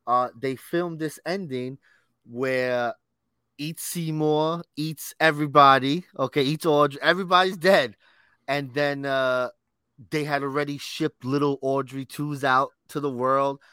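A man co-hosting a casual podcast, his voice sitting a little on the high side. He talks with eager enthusiasm and tosses in "bro" as he chats. The sound is dry and close, with almost no room in it. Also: steady tone, measured pace, pushed and bright, clean tone, no room sound. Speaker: podcast co-host. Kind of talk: casual chat.

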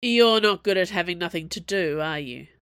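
Woman reading sardonic young crewman, dry delivery, low voice, close dry recording. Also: expressive, moderate pace, fairly bright tone, clean tone, dry recording. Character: wry young male circus crewman.

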